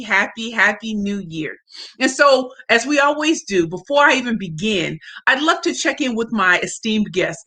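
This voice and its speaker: A woman hosting a casual livestream, talking in an effusive, slangy way. Her voice is bright, a little higher than most women's, and has a forceful edge. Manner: effusive, greets viewers by name and reads comments aloud; slangy and emphatic. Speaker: livestream host.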